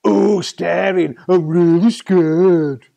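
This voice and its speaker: A man's voice: mid-range voice, expressive, slow, creaky, darkish tone, breathy edge, muffled recording, full character voice. A man voicing a mean, boastful male tiger in a told story, mocking and gloating.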